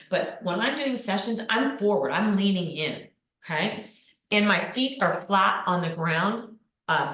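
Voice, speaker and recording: A woman's voice: medium pitch, fairly bright tone. A woman coaching people on presenting online, speaking with energy and punching out keywords. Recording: echoey room.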